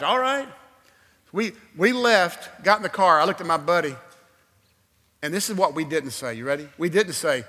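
A man preaching a sermon, telling a personal story with animated swings from loud exclamations to a hushed altar call. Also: sits high, moderate pace. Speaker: guest preacher. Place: church sanctuary. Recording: long hall reverb.

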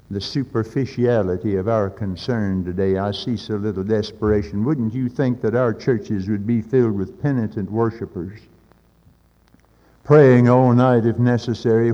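A man preaching a sermon with fervent urgency, building to loud peaks and dropping in folksy asides. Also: on the low side, measured pace. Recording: old lo-fi recording in a reverberant hall.

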